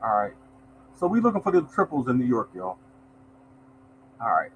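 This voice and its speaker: A man's voice: medium pitch, big pitch swings, moderate pace, fairly bright tone, lo-fi sound, slight background noise. A man hosting a lottery numbers show, chatting loosely to viewers and reading out numbers. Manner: loose, conversational, reads out numbers, addresses viewers as y'all. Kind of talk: casual livestream chat to viewers.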